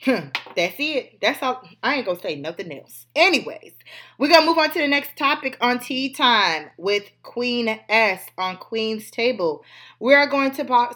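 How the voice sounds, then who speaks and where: A woman's voice: fairly high pitch, animated, a little slow, fairly bright tone. A woman hosting a gossip commentary show, talking bluntly and emphatically, with frequent swearing. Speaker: host.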